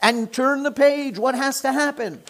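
High-voiced man teaching with rhetorical questions. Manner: animated, fires rhetorical questions at listeners; acts out the characters in quick voices. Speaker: Torah teacher. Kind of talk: lecture on the Book of Esther to a live class.

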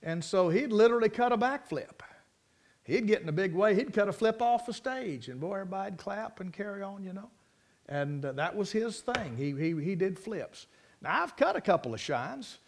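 A preacher man with a high voice, telling stories in a folksy, rambling way from the pulpit. He talks plainly and drifts between anecdote and scripture. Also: lively intonation, moderate pace. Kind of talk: sermon with storytelling.

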